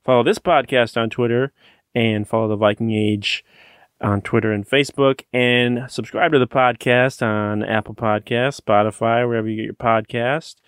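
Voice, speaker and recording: A man's voice: mid-range voice, steady tone, moderate pace, clear, resonant tone, no room sound, studio quality. A man hosting a podcast, chatting casually and easygoing, thanking his guest and signing off. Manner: easygoing, lots of short backchannels. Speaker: podcast host.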